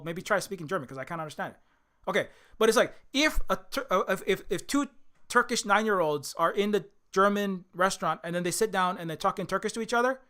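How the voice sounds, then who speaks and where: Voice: medium pitch, fairly bright tone. A host from Hawaii giving an impassioned political commentary monologue, swearing often, restarting sentences and asking "right?" again and again. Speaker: channel host.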